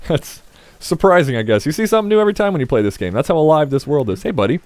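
A man's voice: fairly high pitch, big pitch swings, rapid-fire, darkish tone, dry recording. A man casually commenting on his gameplay as a Let's Play host, rambling and joking with his viewers. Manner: rambling, jokey, talks to viewers.

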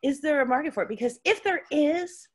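A slightly hoarse woman hosting a casual conversation, talking with enthusiasm and laughing often. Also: high voice, brisk. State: a bit hoarse. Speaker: host.

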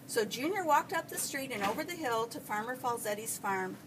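A woman teacher reading a children's storybook aloud in an expressive storytelling manner. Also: fairly high pitch, brisk, hardly any pauses. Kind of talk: reading a picture book aloud. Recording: distant mic, faint background hiss.

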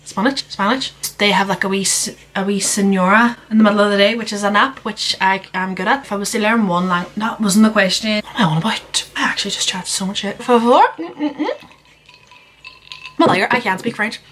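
A young woman talks fast and freely into her camera at home, answering her followers' questions. She rambles, fills her sentences with "like", and makes fun of herself as she goes. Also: mid-range voice, a bit bright, a little hiss or hum. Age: young adult. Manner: chatty, candid and self-mocking, rambling with many "like"s. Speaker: YouTuber. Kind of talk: casual Q&A vlog.

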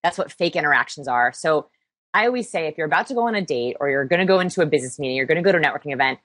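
A woman interviewed as an expert, explaining energetically with quick examples. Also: low-pitched, lively intonation, fairly bright tone, no room sound. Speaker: interview guest, body language expert. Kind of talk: podcast interview.

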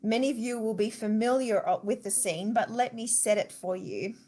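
A woman with an Australian accent giving a church devotional, retelling a Bible story in a lively, conversational way and speaking straight to her listeners. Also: on the high side, moderate pace.

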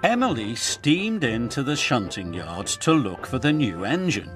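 A British man reads a children's story aloud slowly and with care. His voice rises and falls with a lot of life and sits a little high for a man. Clear music plays behind him. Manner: animated read-aloud. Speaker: narrator. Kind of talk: storybook narration. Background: background music.

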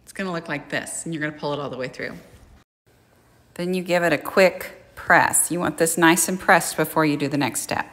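A woman's voice: low voice, normal speed, fairly bright tone, long reverb tail. A woman giving a chatty, plain-spoken sewing tutorial in a home kitchen, explaining each step. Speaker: sewing instructor. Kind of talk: casual how-to tutorial.

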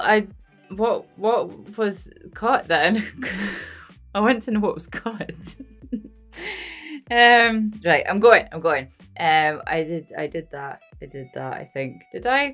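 A woman's voice: medium pitch, a bit bright. Giggly rambling young woman host. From Scotland. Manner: giggly, rambling, keeps breaking into laughter. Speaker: movie reaction host. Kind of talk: casual post-movie chat.

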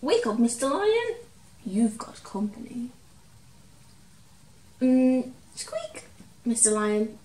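A woman puts on a tiny storybook mouse, a timid little male mouse who is brave at heart, squeaking politely and nervously. The voice sits high and swoops about. It sounds roomy and a little distant from the mic. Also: very animated, slow, long pauses, darkish tone.

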